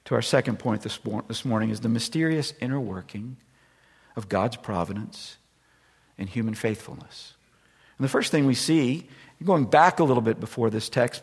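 A man's voice: medium pitch, vocal fry, slightly rough. A middle-aged man preaching a sermon, telling a personal story in a conversational way and acting out the voices he quotes. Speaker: pastor. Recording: long reverb from a large room.

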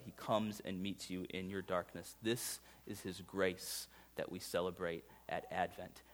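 A man delivers a sermon in a mid-pitched voice, neither high nor low. He talks straight to his listeners with plain questions. His delivery swings from loud, rising emphasis down to quiet, low intensity. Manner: conversational, with rhetorical questions to listeners. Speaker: pastor.

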